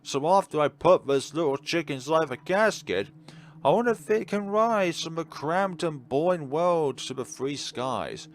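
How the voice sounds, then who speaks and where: A man's voice: a little high, lively intonation, unhurried, pitched above the performer's own voice. A man doing a wistful, eerie game girl. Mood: dreamy. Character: lonely dreamy young girl with a dark streak.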